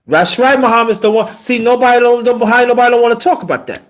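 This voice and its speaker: A man with a very high-pitched voice hosts a casual livestream, talking fast as he preaches relationship advice to his chat and drops to a whisper for emphasis.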